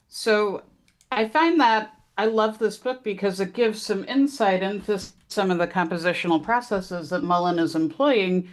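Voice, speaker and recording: A woman's voice: mid-range voice, moderate pace. A woman taking part in a live poetry seminar, articulate and earnest. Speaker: seminar participant. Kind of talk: discussion with a read-aloud quotation.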